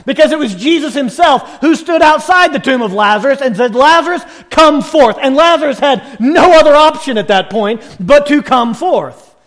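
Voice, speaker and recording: A male preacher delivering a sermon in rhythmic, building parallel phrases, with emphatic rises to shouts at the climaxes. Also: very high voice, expressive, moderate pace.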